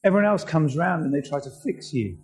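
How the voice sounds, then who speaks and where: A man's voice: a little high, animated, a little fast, a little mellow, faint music behind, rough recording. A man preaching a sermon, earnest and asking his listeners many questions.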